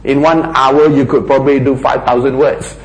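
A man preaching a sermon, asking rhetorical questions and dropping to a hushed voice for emphasis. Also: mid-range voice, level tone, normal speed, roomy sound, low-quality recording.

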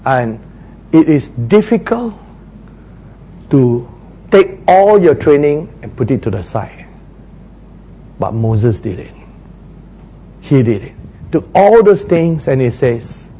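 A man's voice: mid-range voice, very animated, slow pace, long pauses, warm tone, breathy edge, low-quality recording. A man preaching a sermon, retelling scripture in an earnest, repetitive way.

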